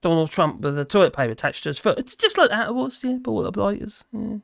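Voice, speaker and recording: A man's voice: high voice, big pitch swings, fast talker, creaky, a bit bright, no echo, studio quality. Chatty Englishman hosting a live stream. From England. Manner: chatty, rambling, laughing often, reads out chat comments. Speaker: livestream host. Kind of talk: casual live-stream chat. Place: home in rural France.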